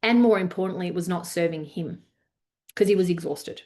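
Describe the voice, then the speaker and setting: A woman's voice: on the low side, a little fast. A woman, presenting a leadership masterclass and chatting her way through anecdotes with lots of fillers. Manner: chatty, many fillers, animated retelling. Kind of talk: webinar talk with anecdotes.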